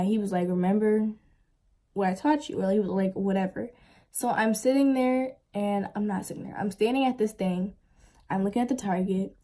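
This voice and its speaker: Young woman vlogger, casual storytime, rambling, lots of fillers, mid-pitched voice. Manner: rambling, filler-heavy, animated retelling.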